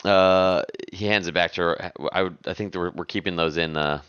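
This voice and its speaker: A man playing in a tabletop game, narrating his character's actions in a relaxed, rambling way. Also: deep voice, moderate pace, clear, resonant tone, no echo, muffled recording. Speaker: player.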